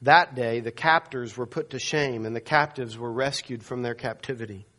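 A man's voice: normal speed, fairly bright tone. A male pastor preaching a sermon, telling a dramatic story and acting out the quoted people. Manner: storytelling, voices quoted people with rising pitch.

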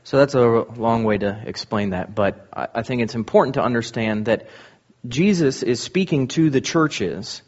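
A man's voice: mid-range voice, moderate pace, a little mellow, dull audio. A man preaching a sermon, reading scripture aloud and then explaining it with rising emphasis.

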